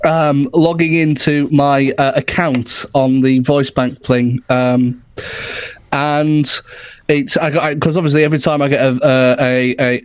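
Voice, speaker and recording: A man's voice: mid-range voice, no room sound, highs cut off. A British man, a voice-over artist, chatting in an interview, hesitant at first and self-deprecating, joking along. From United Kingdom. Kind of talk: casual interview.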